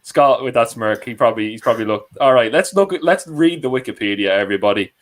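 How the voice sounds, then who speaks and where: Speaking quickly and with animation, a young Irish man introduces guests on his podcast live stream. His mid-range voice comes through a rough recording, and his casual chat is full of rambling, self-corrections and frequent laughter.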